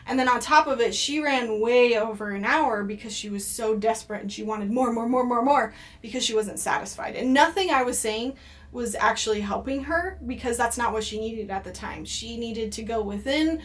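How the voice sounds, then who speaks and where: A woman's voice: on the high side, moderate pace. A young woman giving casual advice to camera as a psychic reader, chatty and full of ums and likes.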